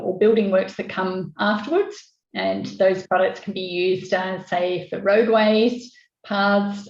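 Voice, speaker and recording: A woman's voice: mid-range voice, creaky. Aussie woman on a video call, lots of ums, roomy echo, kinda dull lo-fi sound. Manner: hesitant, many ums. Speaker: business owner guest. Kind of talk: casual chat.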